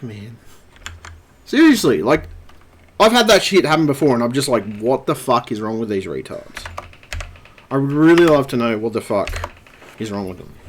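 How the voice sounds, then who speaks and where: A man's voice: medium pitch, big pitch swings, a little slow, pauses often, a little hiss or hum. A man live streaming at his computer, ranting angrily and swearing constantly. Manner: angry, profane ranting.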